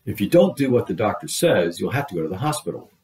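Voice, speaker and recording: A man's voice: low-pitched, sing-song, normal speed, a little mellow. A man voicing an anxious mother who sharply scolds her sick daughter in a read-aloud story. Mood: scolding.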